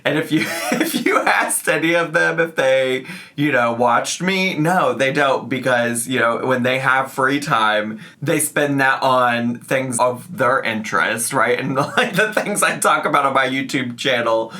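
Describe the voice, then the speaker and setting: A man talks through a reaction video in a chatty, sarcastic way, laughing now and then. His voice is bright and forward, at a middle pitch for a man. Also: unhurried. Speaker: YouTube commentary host. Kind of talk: reaction commentary.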